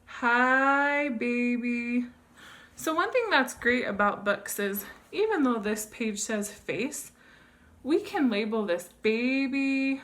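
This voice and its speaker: A woman demonstrates how to read a picture book with a toddler. She speaks very slowly, in a bright, slightly high sing-song, with gasps of delight and playful sounds. Between pages she turns to the parents with simple tips. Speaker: early childhood educator. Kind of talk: reading a board book aloud to toddlers.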